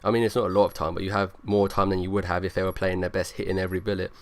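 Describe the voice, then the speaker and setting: A man's voice: low-pitched, little pitch movement, very fast. A young man rambling through casual gameplay commentary, leaning on lots of fillers. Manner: rambling, filler-heavy, talks over gameplay. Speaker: gaming YouTuber.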